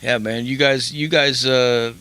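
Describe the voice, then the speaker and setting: A man's voice: medium pitch, steady tone, measured pace, sharp tone, clear, resonant tone. A man hosting a metal radio show, talking in a laid-back, laughing way and swearing freely. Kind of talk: casual radio interview chat.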